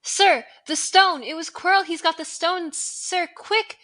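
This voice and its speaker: A woman's voice: sits high, little pitch movement, takes it slowly, dry recording, pitched above the performer's own voice. A young woman voicing a brave boy wizard who blurts out urgent, breathless exclamations. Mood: frantic.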